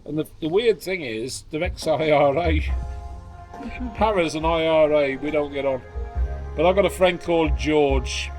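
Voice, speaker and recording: A man's voice: fairly high pitch, a little slow, darkish tone. Blunt older Englishman in a garden. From England. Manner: blunt and cheeky, swears freely. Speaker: vlogger, ex-soldier. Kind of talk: casual chat. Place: garden, outdoors. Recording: faint music in the background.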